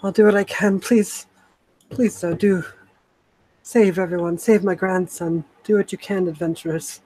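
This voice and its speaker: A man's voice: a little high, flat delivery, normal speed, close to an everyday voice, poor audio. A man voicing a grieving old woman in a tabletop game, pleading through tears for her sick grandson. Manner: pleading, tearful and then vengeful.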